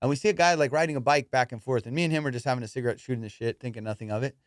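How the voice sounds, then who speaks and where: A man hosting a casual comedy podcast, telling profane, animated stories and laughing often. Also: medium pitch, very fast, dry recording, studio quality. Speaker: podcast host.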